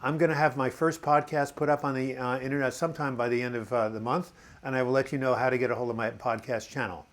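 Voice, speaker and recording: Hosting a relaxed live video chat, this man reads viewers' comments aloud and responds in a rambling, encouraging manner, calling his audience boys and girls. He talks fast in a mid-range voice with fairly even intonation.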